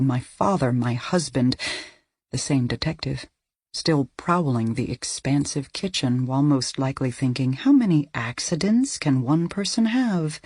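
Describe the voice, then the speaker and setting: A woman's voice: rumbling low, a little mellow, husky, no echo, studio quality. A woman reading a first-person thriller audiobook, with tense, emotional delivery. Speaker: audiobook narrator.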